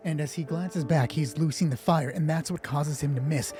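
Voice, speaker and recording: A man's voice: fairly high pitch, normal speed, hardly any pauses, mellow, faint music behind. Jokey, nervous male game master. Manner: joking, self-mocking and chatty. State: a little nervous. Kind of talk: narrating a tabletop game on a live stream. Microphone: headphones on, streaming from home.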